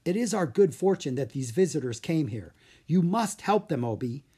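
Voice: mid-range voice, sing-song, moderate pace, mellow, slightly rough. Brief: grave storybook father, firm and formal, read by the narrator. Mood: solemn. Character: village father, solemn and grave.

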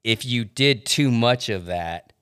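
Smooth-voiced male podcast host. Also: mid-range voice, animated, takes it slowly, fairly bright tone, no echo, studio quality. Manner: nostalgic storytelling with fillers. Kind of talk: casual chat.

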